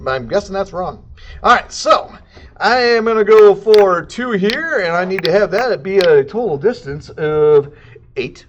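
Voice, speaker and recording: A man with a high voice walks through a CAD tutorial in a loose, goofy way, scatting little sound effects between steps. The recording is dull and lo-fi, with a faint hiss underneath. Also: expressive, measured pace. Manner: goofy, jokey, sound effects and silly accents. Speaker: CAD instructor. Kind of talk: casual screen-recorded tutorial.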